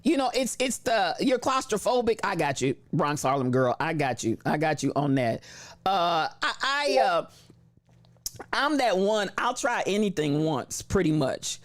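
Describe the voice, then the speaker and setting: A livestream host in casual chat, reading viewer comments aloud with slangy shout-outs and frequent laughter. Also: medium pitch, sing-song, measured pace, no room sound.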